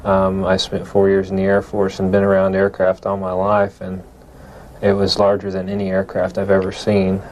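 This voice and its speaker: A man's voice: sits low, completely flat delivery, moderate pace, darkish tone, a little hiss or hum, poor audio. A man giving an eyewitness account in an interview, hesitant and full of fillers. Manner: hesitant, many fillers and restarts.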